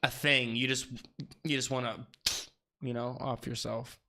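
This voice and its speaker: A young man co-hosting a podcast, rambling and laughing through casual banter, phrases trailing off quietly. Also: mid-range voice, flat delivery, a little slow. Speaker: podcast co-host.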